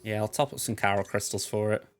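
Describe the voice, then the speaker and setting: A man's voice: lowish voice, steady tone, fast talker, a little hiss or hum. A man hosting a let's play, giving chatty gameplay commentary and thinking aloud in a playful way. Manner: playful, self-described goofball.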